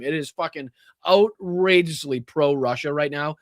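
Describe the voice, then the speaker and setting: A man with a Boston accent hosting a political podcast, giving blunt, profane commentary with animated reactions. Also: fairly high pitch, fairly quick, no echo, clean studio sound. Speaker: podcast host.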